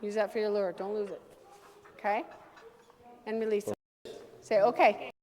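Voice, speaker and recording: A woman dog trainer leading a hands-on class, giving brisk, direct commands to owners and their dogs. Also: medium pitch, level tone, mellow. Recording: long reverb from a large room.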